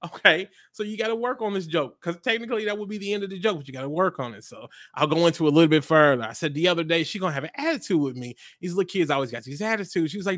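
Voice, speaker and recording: A comedian talks through his craft in a lively storytelling manner, jumping into little character voices for his jokes. His voice sits a touch high for a man, and the recording is close and dry with no room sound. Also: racing, hardly any pauses, dry recording. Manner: animated storyteller acting out joke voices. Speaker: comedian guest. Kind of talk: casual interview chat.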